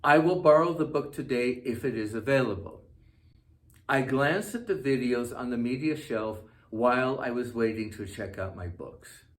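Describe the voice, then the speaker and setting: A man teaching English gives a scripted grammar lesson in a medium-pitched voice. He reads example sentences out slowly and deliberately, voicing each comma as he goes.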